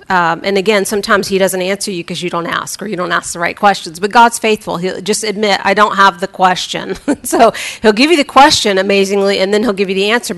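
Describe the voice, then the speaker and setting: A woman's voice: mid-range voice, fairly bright tone. A woman preacher giving a conversational sermon, chatty and humorous, often restarting her sentences.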